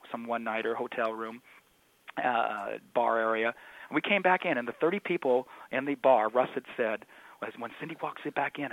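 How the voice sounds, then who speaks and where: Man, rapid talker, phone-line sound, dry close audio, animated storyteller, mimics voices. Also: medium pitch, no room sound. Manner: animated anecdotes, acts out quoted voices. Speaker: comedy magician guest. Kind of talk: casual interview storytelling.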